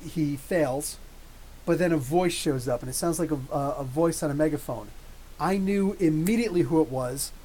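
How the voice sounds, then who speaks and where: Male streamer, slightly higher voice, excitable and rambling, many restarts, live review chat. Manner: reads and answers live chat comments. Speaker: YouTube comics channel host.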